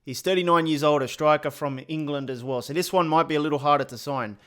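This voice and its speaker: A man's voice: fairly high pitch, fast talker, a bit bright. A man giving casual, joking commentary over a football video game. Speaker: gaming youtuber. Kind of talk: gameplay commentary.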